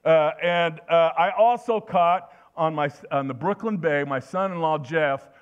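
A man's voice: a little high, a little slow, clear, resonant tone, highs cut off. An older man preaching a sermon in a folksy, anecdotal way, telling stories with frequent restarts.

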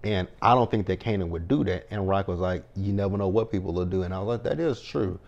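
A man's voice: deep voice, steady tone, fast, a little mellow, highs cut off. A man hosting a casual TV episode recap, retelling scenes in a chatty way, often tagging "right?" and swearing as he reacts. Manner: swears, slips into quoted reactions. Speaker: TV recap host.

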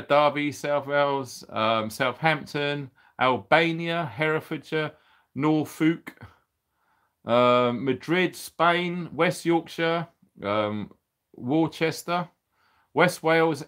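A man's voice: on the high side, takes it slowly, a bit bright. A middle-aged man from the UK hosting a casual livestream, upbeat and chatty, laughing often as he reads out viewers' names and where they are from. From United Kingdom. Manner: laughs often, exclaims blimey and bonkers. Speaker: livestream host.

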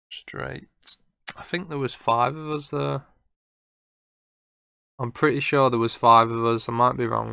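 A man's voice: medium pitch, vocal fry, pushed and bright, clean tone, dry recording, studio quality. A young man telling a camping story in a casual, rambling way, often correcting himself as he goes. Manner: rambling, self-correcting, chatty. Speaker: podcast host.

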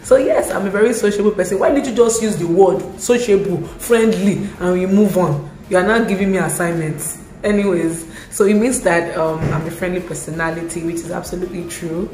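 A woman's voice: on the low side, fairly quick, few pauses, darkish tone, a little hiss or hum. A young woman with a Nigerian accent, chatting expressively in a casual vlog, slipping in Yoruba asides. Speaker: vlogger. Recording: echoey room with faint music.

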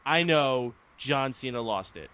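A man hosting a wrestling radio show, moderating the panel in a brisk, casual way. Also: medium pitch, lively intonation. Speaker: podcast host. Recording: phone-line audio.

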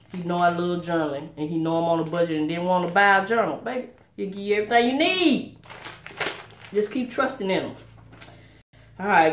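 Effusive older woman in an echoey room. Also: fairly low pitch. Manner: warm, effusive and churchy, addresses viewers as y'all and baby. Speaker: vlogger. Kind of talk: casual unboxing vlog.

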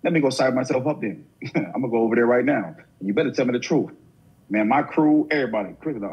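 A man's voice: mid-range voice, lively intonation, quick pace, husky, dull audio. A man in his fifties, a guest on a casual talk show, telling loose, joking stories. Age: 50s. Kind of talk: casual chat.

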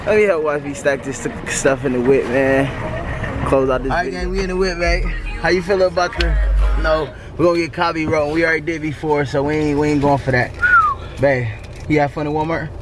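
A man with a St. filming a loud, joking vlog while shopping with his wife, teasing and laughing often. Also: a little high, fairly even intonation, fairly quick, long pauses, over music. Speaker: vlogger, husband. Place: Walmart store, then parking lot.

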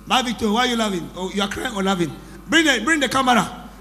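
A man's voice: high voice, lively intonation, fast, sharp tone, a little hiss or hum. A man preaching as prophet in a church service, emphatic and exclaiming, questioning his congregation. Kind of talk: sermon with deliverance testimony. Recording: echoey hall, music underneath.

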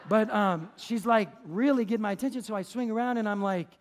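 High-voiced animated preaching man. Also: brisk, a little hiss or hum. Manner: animated, conversational, jokey. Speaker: pastor. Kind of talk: sermon with storytelling. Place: church service.

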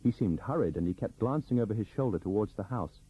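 A man reading a novel aloud as an audiobook narrator, in scripted narration with a lively, varied delivery. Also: on the low side, quick pace, breathy edge. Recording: dull lo-fi recording.

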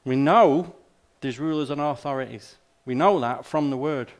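Pastor preaching conversationally. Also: male voice, mid-range voice, steady tone, moderate pace. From Australia. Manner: conversational preaching with rhetorical questions and asides. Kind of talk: sermon.

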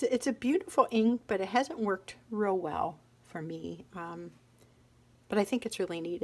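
A woman with a slightly low voice chats through a stationery review, thinking aloud as she goes. She hesitates and wonders aloud, and now and then she drops into a soft whisper. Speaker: stationery vlogger. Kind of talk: casual show-and-tell review.

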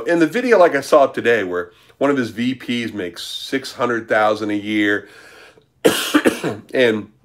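A middle-aged man talking straight to his viewers on a livestream, blunt and profane, his voice jumping up when he gets heated. He sits at an ordinary middle pitch, and his talk is loose and combative, full of fillers between the jabs. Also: fairly bright tone. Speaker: livestream host answering viewer questions. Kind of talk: casual livestream rant.

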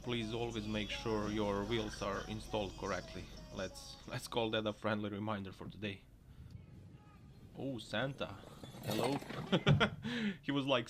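A man's voice: lowish voice, animated, a little slow. Chuckling man commenting on car crashes. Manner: joking, laughs often. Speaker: video commentator. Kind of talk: reaction commentary on driving clips. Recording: noisy recording.

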